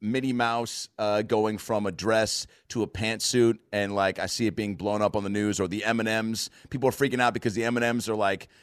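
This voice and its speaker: An American man in his thirties, rambling in a profane, animated way through a casual podcast chat. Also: on the low side, fairly quick, hardly any pauses, smooth, no echo, clean studio sound. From United States.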